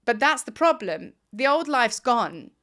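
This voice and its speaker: A middle-aged woman teaching spiritual ideas in a loose, chatty vlog, seated at her desk at home. Her voice sits a little high, and she stacks repeated words for emphasis with real enthusiasm. The talk is casual and direct, as if to friends. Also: sing-song, measured pace, fairly bright tone.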